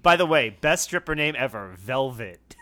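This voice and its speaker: Lively, joking male podcast co-host. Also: mid-range voice, moderate pace. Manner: laughing, joking. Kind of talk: casual comedic chat.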